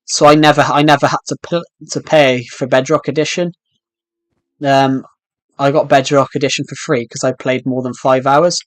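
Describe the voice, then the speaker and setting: While streaming a game, a young man from the UK rambles casually and keeps restarting what he says. He speaks at a moderate pace in a mid-range voice with fairly even intonation, recorded with no echo.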